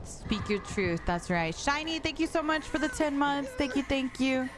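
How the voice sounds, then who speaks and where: A woman's voice: sits high, animated, normal speed. A young adult woman streaming a game, chatting casually in a playful, teasing way and laughing often. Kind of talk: casual gameplay chat. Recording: stream with music underneath.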